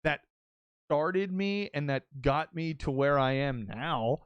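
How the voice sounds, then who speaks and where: A young adult man hosting a podcast, telling an excitable, swear-heavy story in casual chat with many restarts. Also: on the high side, slow pace, clean tone, dry recording, dull audio. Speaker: podcast host and streamer.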